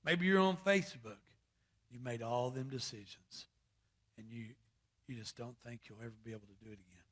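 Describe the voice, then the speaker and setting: A man's voice: mid-range voice, fairly quick, fairly bright tone. A man preaching a sermon in a plainspoken, folksy storytelling manner. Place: church service.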